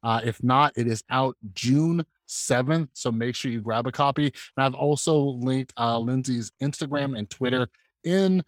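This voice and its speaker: A man's voice: mid-range voice, a little slow, dry recording. A man hosting a podcast, talking casually and rambling with lots of fillers. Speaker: podcast host. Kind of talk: podcast interview.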